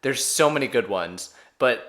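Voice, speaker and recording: A man's voice: medium pitch, lively intonation, moderate pace, a bit bright. A man co-hosting a podcast in casual chat, wry and self-deprecating as he recaps events. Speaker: podcast co-host.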